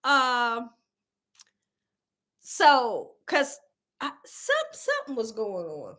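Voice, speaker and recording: A woman hosting a cooking livestream, telling a story to her viewers in a lively, animated way and laughing often. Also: a little high, very slow. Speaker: cooking channel host on a livestream. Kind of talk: casual livestream chat with viewers.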